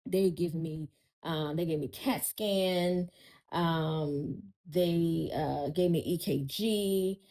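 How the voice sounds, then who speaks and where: A woman's voice: low-pitched, takes it slowly, mellow, rough recording. A woman, a podcast guest telling a personal story in casual chat, often turning to listeners with "y'all.".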